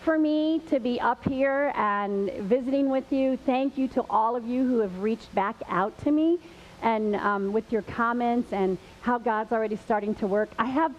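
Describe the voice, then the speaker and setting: A woman's voice: fairly high pitch, normal speed. A woman hosting a live church show, chatty and laughing, a little nervous as she tells a story. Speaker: host. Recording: dull lo-fi with faint hiss.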